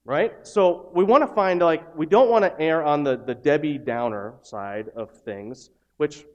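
A man preaching a sermon as a pastor, in a conversational way that swings from hushed, slow lines to loud, emphatic ones. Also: fairly high pitch, muffled recording.

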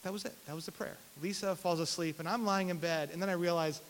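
A man telling a personal testimony story in an animated, self-deprecating way, often repeating his words. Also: high voice, quick pace. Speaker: speaker sharing a personal testimony. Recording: long hall reverb, faint hiss.

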